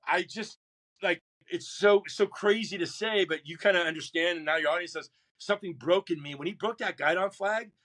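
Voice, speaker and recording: A Marine veteran guesting on a podcast tells a long personal story, voicing drill instructors and shouting his own replies. His voice is a little high, and he's an animated storyteller who often restarts sentences and repeats words.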